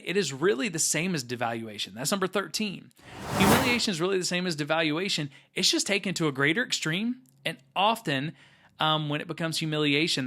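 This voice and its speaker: Male host, bright, slightly high voice, earnest teaching tone, lots of fillers. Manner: earnest, explanatory, with frequent fillers. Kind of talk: teaching talk to camera.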